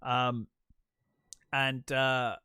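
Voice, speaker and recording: Male podcast co-host, mid-pitched, casual scene-by-scene recap, dry close mic. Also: flat delivery, drawn-out words, bright, forceful tone, clear, resonant tone, no room sound. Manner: retells scenes, quoting characters in passing. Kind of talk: casual film discussion.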